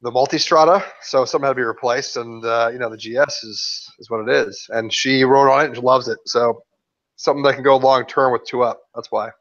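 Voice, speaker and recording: A man's voice: mid-range voice, fairly even intonation, brisk, fairly bright tone, lo-fi sound. A man co-hosting a live show, chatting in a laid-back, joking way. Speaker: co-host. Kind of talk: casual banter.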